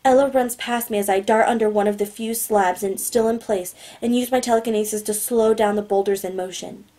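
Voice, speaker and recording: Mellow-voiced woman reading an audiobook. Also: fairly high pitch, fairly even intonation, brisk. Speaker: audiobook narrator. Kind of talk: first-person audiobook narration.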